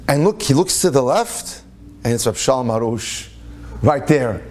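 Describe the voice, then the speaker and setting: A man's voice: medium pitch, moderate pace, slight background noise. A man, a rabbi, telling a story during a presentation and acting out the people in it, with Hebrew and Yiddish religious terms mixed into his talk. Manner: animated storyteller who acts out the people in his stories. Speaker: rabbi and lecturer.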